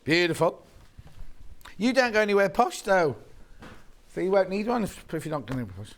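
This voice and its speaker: Bubbly woman, TV shopping presenter, lively up-and-down delivery, chatty asides. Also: medium pitch, normal speed. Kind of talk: live TV shopping sales chat. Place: TV studio.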